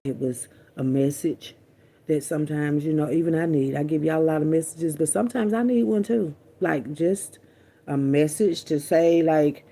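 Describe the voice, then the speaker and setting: A woman's voice: low voice, normal speed, warm tone. A woman vlogger talking candidly and bluntly to her viewers, chatty and profane, often repeating herself. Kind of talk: candid casual storytelling to viewers.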